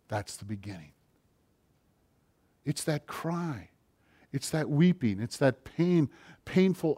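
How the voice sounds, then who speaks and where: A middle-aged man preaching a sermon, rising to loud passages and dropping to near-whispers. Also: on the high side, lively intonation, a little slow, long pauses. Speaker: pastor.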